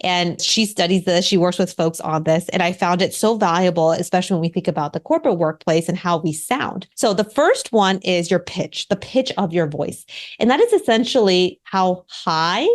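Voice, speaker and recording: Animated woman coach with lowish voice. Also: moderate pace, few pauses. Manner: animated, emphatic, plays with pace and emphasis. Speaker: guest, communication coach and author. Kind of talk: podcast interview.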